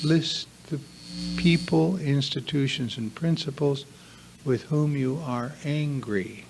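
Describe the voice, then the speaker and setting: A man with a gravelly mid-range voice gives a confessional recovery workshop talk to a live audience in a meeting room. He is earnest and emphatic, stacking up repeated lists, with slight background noise.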